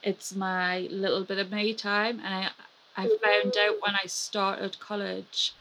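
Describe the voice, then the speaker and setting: A woman's voice: medium pitch, little pitch movement, a little slow, noisy background. Frank woman with a Mackem accent. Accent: Mackem (Sunderland). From North East England. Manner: frank, swears freely, laughs often. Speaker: guest. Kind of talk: casual interview chat.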